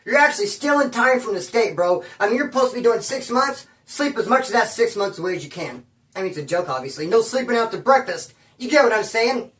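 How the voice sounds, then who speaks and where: A man's voice: high voice, animated, quick pace, fairly bright tone, distant mic. Streetwise man telling a prison story. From California. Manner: slangy, streetwise, rambling. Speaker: former inmate telling prison stories. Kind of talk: casual storytelling.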